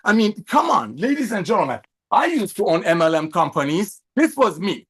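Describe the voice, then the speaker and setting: A middle-aged man with a fairly high-pitched voice speaks over a video call. As a company executive, he delivers an effusive, emphatic sales pep talk with a preacher-like swing to it. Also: very animated, moderate pace, fairly bright tone, breathy edge.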